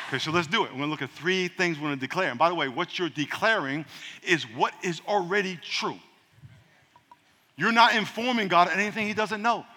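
A man's voice: sits high, pushed and bright, in a large hall. A man preaching a sermon as pastor, calling on the congregation to repeat after him, with playful asides. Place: church.

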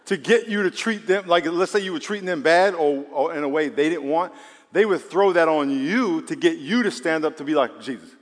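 Man, preacher, sermon, animated, slightly high voice, long hall reverb. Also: brisk. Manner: animated, acts out quoted voices.

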